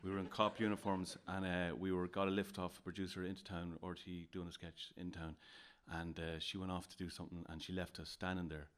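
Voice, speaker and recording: An Irish actor guest telling comic stories in a deadpan way. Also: male voice, sits low, fairly quick, hardly any pauses. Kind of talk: casual chat.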